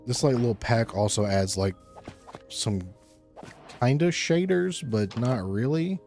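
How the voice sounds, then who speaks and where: A man streaming a block-building game, chatting casually with his chat in a laid-back, rambling way and thinking aloud between pauses. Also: fairly low pitch, expressive, darkish tone. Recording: faint music underneath.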